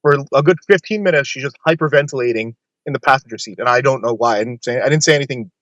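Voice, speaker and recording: A man's voice: medium pitch, fast, fairly bright tone, no echo, dull audio. A man casually telling a long personal story on a podcast, blunt and swearing freely.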